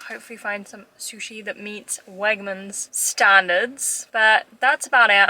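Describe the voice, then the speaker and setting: A woman's voice: medium pitch, bright, forceful tone. A woman in her twenties from England with a mixed British and French accent, chatting casually and upbeat as a student vlogger while out and about. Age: 20s. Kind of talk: casual vlog narration. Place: car and out and about.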